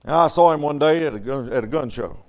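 A man preaching a storytelling sermon in a folksy way, dropping to soft murmurs and rising to loud, emphatic lines. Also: a little high, quick pace.

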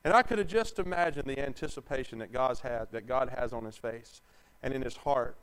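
A man preaching a sermon as pastor, calling out to the congregation for answers and swinging from quiet, conversational talk to loud, shouted passages. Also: medium pitch, brisk.

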